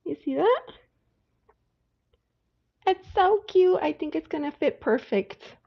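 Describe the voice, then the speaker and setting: A tarot reader hosts a casual livestream of card readings, chatting away and greeting viewers by name. Her voice sits high and is animated yet slow, with vocal fry, and the audio is dull and lo-fi with faint hiss.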